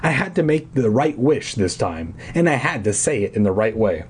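A man's voice: medium pitch, very animated, normal speed, darkish tone, slight background noise. A man in his twenties reading a children's book aloud on a podcast, with wry, self-mocking asides. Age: 20s.

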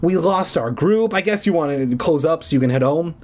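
A man reading a storybook aloud and voicing a frightened young girl who talks in a shrill, nervous way. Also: animated, a little fast, darkish tone, a little hiss or hum, close to an everyday voice.

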